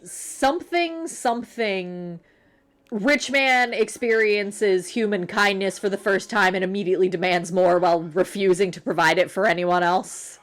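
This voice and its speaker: A woman's voice: medium pitch, steady tone, moderate pace, hardly any pauses. A woman co-hosting a podcast movie watchalong, making wry, profane remarks in casual chat. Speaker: podcast co-host.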